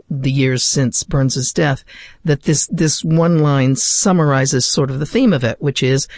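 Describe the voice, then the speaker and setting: An American literature guest explains a poem and then recites it, speaking thoughtfully but hesitantly with frequent fillers. His medium-pitched voice shows vocal fry, captured in studio quality with no echo.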